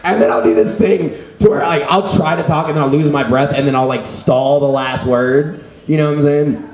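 A man's voice: fairly high pitch, fairly even intonation, normal speed, a little mellow. A man doing a stand-up comedy set at an open mic, rambling and filler-heavy. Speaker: stand-up comic. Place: small comedy venue with an audience. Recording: echoey room with audience noise.

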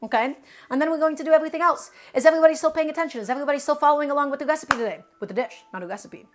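A woman from Brooklyn with a New York accent and a slight speech impediment that softens her R sounds, chatting with viewers during a live cooking stream. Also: high voice, rapid-fire. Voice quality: cannot pronounce R sounds. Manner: chatty, talks directly to viewers.

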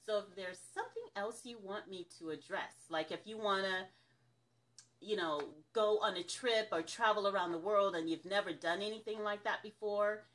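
A woman's voice: mid-range voice, normal speed, a bit bright. A woman from the American South hosting a casual business coaching livestream, chatty and upbeat, laughing often as she talks to viewers.

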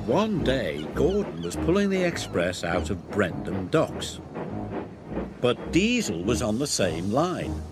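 Slow, lively storybook narrator man. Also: on the low side. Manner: slow, expressive reading. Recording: loud background music.

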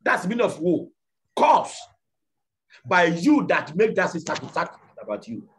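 A man's voice: high voice, big pitch swings, moderate pace. A man preaching a fiery sermon, repeating lines and firing off rhetorical questions.

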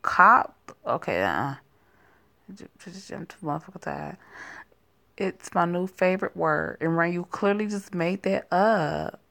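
A woman chatting casually as she plays a story game, cracking jokes and swearing in her asides. She talks slowly, with a gravelly fry in her voice. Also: fairly low pitch, lively intonation, bright, forceful tone. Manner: joking, profane asides. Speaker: gaming channel host.

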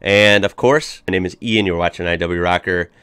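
A man's voice: low-pitched, moderate pace, fairly bright tone, smooth, dry recording, clean studio sound. A young American man hosting a reaction video, chatting casually and upbeat with frequent fillers and restarts. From United States.

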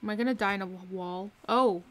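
A woman streaming a game live from her room, excitedly commenting and repeating herself with hyped exclamations. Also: mid-range voice, a little fast. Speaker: gaming streamer.

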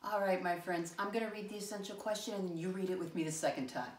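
A woman teaching a first grade lesson, her voice sitting slightly low. She talks in an encouraging, patient way and sounds out words for young children. The sound is roomy and echoey, as if the mic sits some distance away. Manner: encouraging, calls viewers "my friends", spells words slowly.

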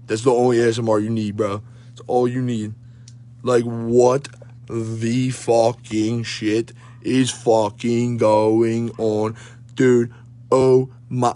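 A man's voice: mid-range voice, a little mellow. A young man giving hyped, swearing commentary while opening trading card packs, rattling off player names and sounding out of breath. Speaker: card breaker. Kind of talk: live pack-opening commentary.

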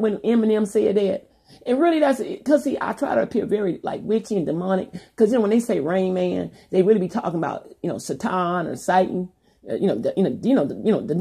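A woman's voice: medium pitch, creaky, darkish tone, slightly rough. A woman YouTuber talking straight to her viewers in a long, profane, rambling monologue full of restarts and asides.

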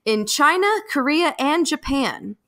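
A woman with a fairly high voice runs a casual podcast quiz. She reads each question and its options slowly and playfully, keeping score and teasing the players. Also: expressive, bright, forceful tone.

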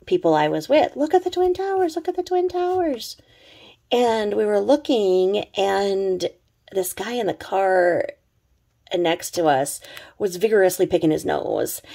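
A woman's voice: fairly low pitch, creaky, mellow. A middle-aged woman with a slightly sore throat, rambling in casual, sarcastic commentary full of fillers. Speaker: commentary vlogger.

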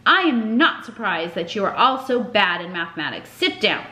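A woman's voice: medium pitch, sing-song, normal speed, pushed and bright. A woman voicing a stern, sarcastic old male schoolteacher who snarls and commands. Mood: snarling. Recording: echoey room.

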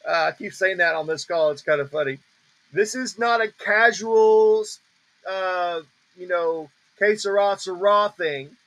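A man teaching on a ministry call in a preaching style, emphatic and repeating declarations slowly with heavy stress on each word. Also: sits high, a bit bright, low-quality recording.

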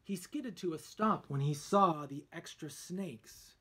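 Expressive male storybook reader, unhurried with a breathy edge. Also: on the high side. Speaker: children's book reader. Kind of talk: reading a picture book aloud.

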